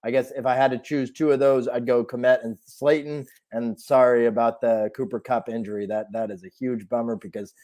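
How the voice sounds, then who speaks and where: A man giving fantasy football picks on a live show, speaking in a measured, hesitant way with many pauses and ums. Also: mid-range voice, steady tone, mellow. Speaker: co-host analyst.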